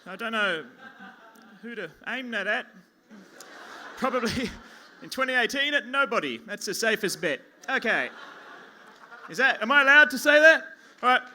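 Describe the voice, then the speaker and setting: An Australian man performing stand-up on a pub stage, speaking into a mic at a lectern. His voice sits very high for a man and sounds sharp and bright. He rambles in a self-mocking way and trips over his own restarts. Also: expressive, moderate pace, long pauses, slight background noise. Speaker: stand-up comedian. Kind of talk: stand-up comedy set.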